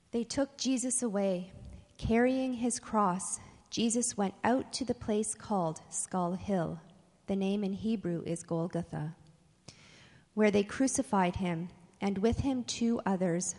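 A woman's voice: mid-range voice, darkish tone. Woman reading scripture in an echoing hall. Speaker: scripture reader.

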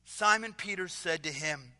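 A man preaching a sermon who tells stories with acted voices and dramatic pauses, with long reverb around him. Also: on the high side, lively intonation, bright, forceful tone. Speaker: pastor.

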